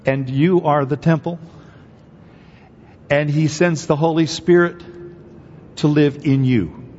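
Slow, husky-voiced pastor in a reverberant hall. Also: male voice, on the high side, steady tone, darkish tone. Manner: emphatic, conversational preaching with repeated rhetorical questions. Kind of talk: sermon. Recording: dull audio with long hall reverb.

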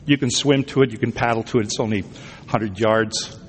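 A man's voice: mid-range voice, fairly even intonation, a little fast, big-room sound, a little hiss or hum. A man preaching a sermon, talking conversationally, asking his congregation questions and repeating words for emphasis. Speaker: pastor.

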